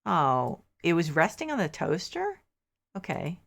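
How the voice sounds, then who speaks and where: Low, gravelly-voiced woman streamer. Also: huge pitch swings, a little slow. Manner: chatty, thinks aloud, mildly frustrated asides. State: sleepy, yawning. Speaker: game streamer. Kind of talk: casual gameplay commentary.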